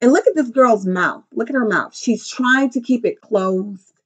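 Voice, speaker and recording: A woman's voice: a little high, a little slow. A middle-aged woman giving a casual tarot reading, brash and profane, clowning around with silly voices and bits of song. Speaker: tarot reader.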